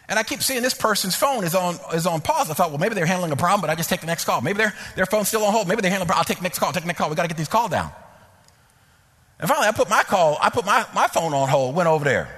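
A man preaching a sermon through personal stories, animated and repetitive, climbing to near-shouts. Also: high voice, very fast, slightly rough, in a large hall.

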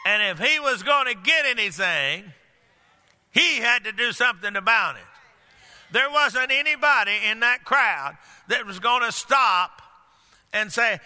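Older preacher in a reverberant hall. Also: male voice, expressive, measured pace. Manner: preaching, swings from loud outbursts to low hushed lines. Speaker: pastor. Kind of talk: sermon. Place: large church hall.

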